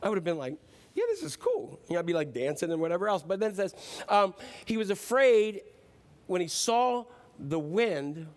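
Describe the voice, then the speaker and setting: A man's voice: sits high, lively intonation, normal speed. A man preaching a sermon in a casual, playful way, acting out the story. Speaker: pastor.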